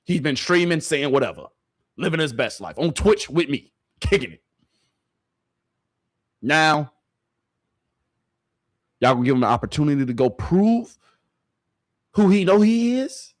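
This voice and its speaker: A man's voice: on the high side, big pitch swings, a little slow, pauses often. Heated man ranting about sports. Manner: heated, repetitive, talks straight to the audience with slang. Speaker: host. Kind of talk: animated sports commentary to a stream chat.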